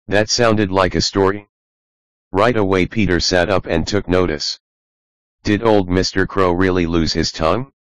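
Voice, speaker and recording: A man calmly narrating a children's storybook audiobook. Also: sits low, measured pace, smooth, no echo.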